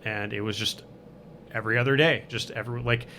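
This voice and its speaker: A man's voice: lowish voice, fairly even intonation, fairly quick, sharp tone, slight background noise. A man as a podcast guest in casual chat, rambling with lots of "like" and "um". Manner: rambling, full of fillers like "like" and "um".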